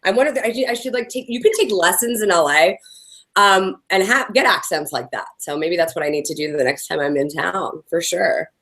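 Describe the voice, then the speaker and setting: A woman's voice: on the low side, brisk, a bit bright. A chatty woman from the Bay Area co-hosting a talk show, with a Californian accent. Her speech is loose and casual, full of "like" and "you know". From San Francisco Bay Area. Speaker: podcast co-host. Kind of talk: casual chat.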